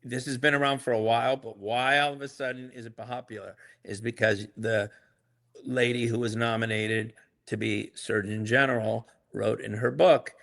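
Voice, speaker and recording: Blunt gravelly male doctor. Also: medium pitch, fairly even intonation, normal speed, a bit bright. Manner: blunt, emphatic, frequent "okay?" check-ins. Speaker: doctor and podcast co-host. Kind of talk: casual podcast chat.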